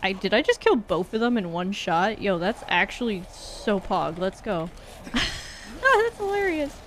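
A woman's voice: medium pitch, big pitch swings, noisy background. A woman streamer giving playful, giggly commentary while she plays a game. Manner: giggly and playful, quick to exclaim. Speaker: gaming streamer. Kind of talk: livestream gameplay commentary.

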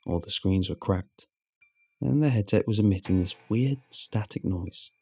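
A man narrating a first-person horror story in a low, measured storytelling delivery. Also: slightly rough. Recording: soft music underneath.

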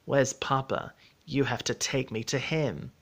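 A man reading the lines of a kind, bookish young woman in a storybook, spoken gently and earnestly in his own voice. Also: mid-range voice, a little slow.

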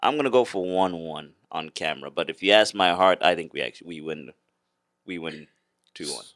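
A man's voice: sits low, brisk, a bit bright, dry recording, studio quality. A man in casual football banter, hesitant, often repeating words while he searches for them. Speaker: guest.

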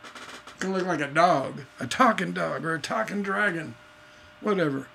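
A man teaching songwriting in a casual, animated way, acting out scenes as he talks. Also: a little high, moderate pace, gravelly, husky. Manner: animated storytelling, acts out voices. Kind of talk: casual instructional talk.

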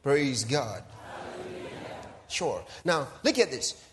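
A male pastor preaching a sermon in a teasing, animated way, laughing often and swinging between soft asides and loud exclamations. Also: medium pitch, extremely slow, a faint crowd, slight background noise.

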